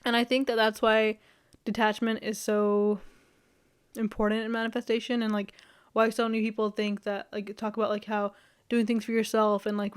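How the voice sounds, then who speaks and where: A young woman vlogging in a loose, rambling chat, full of fillers, easy laughs and casual swearing. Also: mid-range voice.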